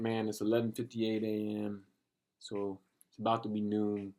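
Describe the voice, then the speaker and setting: Profane, fired-up man ranting. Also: mid-range voice. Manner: passionate, profane, street slang. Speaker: vlogger. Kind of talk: casual motivational rant to camera.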